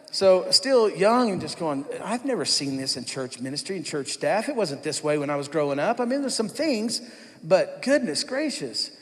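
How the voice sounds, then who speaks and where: A church worship leader relates his testimony to the congregation in a chatty, story-driven way, voicing the words of other people. He sounds high-pitched with lively intonation and a moderate pace, recorded in a sanctuary with long church-hall reverb.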